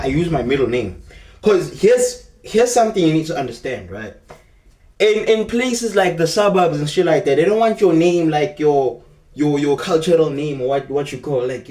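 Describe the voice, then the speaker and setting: His fairly high, slightly mellow voice is expressive at normal speed as this young South African rambles through a street-talk storytime. "Bro" comes up constantly, and the recording has a distant mic in an echoey room.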